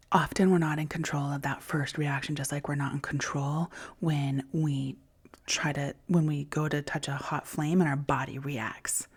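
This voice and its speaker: A woman hosting a podcast, speaking in a candid, reflective monologue that often drops into soft whispers, with casual swearing. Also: deep voice, breathy edge. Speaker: podcast host.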